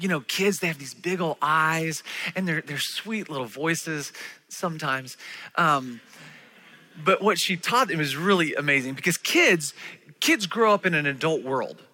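A man preaches a sermon with a high, bright, ringing voice. He tells stories with energy and acts out the voices of the people in them. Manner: animated storytelling, acting out voices of people in the stories. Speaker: pastor.

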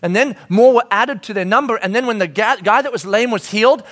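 A man's voice: sits high, a little fast, fairly bright tone. A middle-aged man preaching a sermon, telling a family story with lots of energy and acting out his children's voices. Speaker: pastor.

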